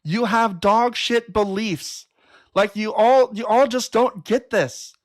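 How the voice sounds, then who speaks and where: A woman with a high-pitched voice hosts a casual live stream and answers viewers' comments as they come in. She talks bluntly and swears freely, with a steady note of exasperation. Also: slow. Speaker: livestream host. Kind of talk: casual livestream talk reading chat comments.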